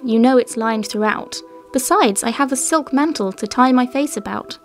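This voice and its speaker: A woman, co-host of a craft and history show, reciting an old poem in a measured way and then narrating its history. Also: on the high side, soft background music.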